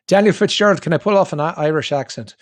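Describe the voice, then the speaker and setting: An American man with a General American accent answering fan questions on a live stream, chatty and joking, with quick asides and restarts. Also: on the high side. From United States. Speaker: guest voice actor answering fan chat. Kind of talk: live stream Q&A, reading chat questions aloud.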